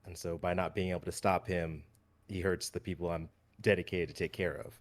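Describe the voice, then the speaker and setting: Deep-voiced man at a tabletop game, hesitant, relaxed. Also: a little fast. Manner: relaxed, hesitant with many fillers. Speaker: player.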